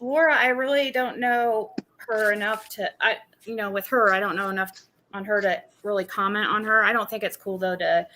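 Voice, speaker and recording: A woman's voice: medium pitch, fairly even intonation, moderate pace, sharp tone. A woman chatting casually on a stream, rambling and hedging as she talks.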